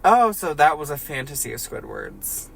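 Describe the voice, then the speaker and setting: Podcast host reading fanfic out loud, gravelly voice, faint room hiss, laughs between bits. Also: mid-range voice, wildly swooping pitch, moderate pace. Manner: laughing asides between lines. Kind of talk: comedic reading of fan fiction.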